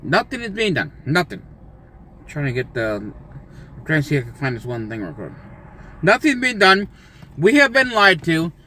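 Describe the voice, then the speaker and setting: A man's voice: on the high side, very animated, moderate pace, long pauses, bright, forceful tone, a little hiss or hum. A man livestreaming an angry, profane political rant, repeating himself and swearing often. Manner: heated, profane, repetitive.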